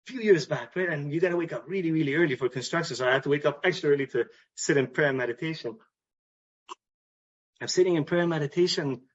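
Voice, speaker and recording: A man with a Canadian English accent giving an earnest personal talk at a recovery meeting, repeating phrases and pausing to restart. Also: on the high side. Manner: earnest, repetitive, with pauses and restarts. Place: meeting hall. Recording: dull lo-fi recording.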